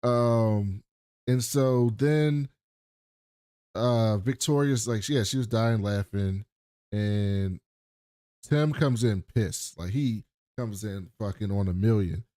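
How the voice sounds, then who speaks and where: A man's voice: lowish voice, takes it slowly, dark tone, no room sound, studio quality. A man co-hosting a podcast, casually and profanely retelling scenes from a TV episode. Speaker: podcast co-host. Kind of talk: casual TV recap chat.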